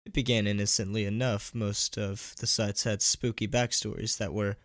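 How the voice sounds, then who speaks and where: Low-voiced man fumbling through a live reading. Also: flat delivery, moderate pace, fairly bright tone, dry recording, studio quality. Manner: stumbling, self-mocking, laughing at his own slips; chatty, thanks donors between passages. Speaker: horror story narrator and streamer. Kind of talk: live-streamed story reading. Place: at home.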